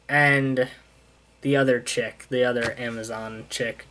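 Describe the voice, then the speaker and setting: A young man chats through a comic storyline in a loose, casual way, slipping into quick paraphrases of what each character says. His voice sits at an everyday middle pitch, and he sounds like he is talking at home for his viewers. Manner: casual, retells scenes with "he's like" paraphrases. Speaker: comic book reviewer. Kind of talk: casual recap.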